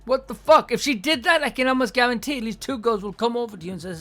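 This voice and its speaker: A woman hosting an advice show, answering listeners in a blunt, swearing, mocking rant. She keeps slipping into little acted-out scenes with quick mock voices, over faint music. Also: sits high, lively intonation, pushed and bright.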